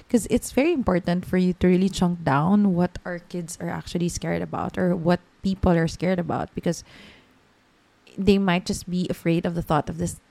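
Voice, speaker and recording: A woman in her thirties with a Filipino accent hosts a podcast, telling a story chattily in English sprinkled with Tagalog words. Her voice is fairly low, creaky, and mellow, and she speaks at a normal speed in this casual monologue.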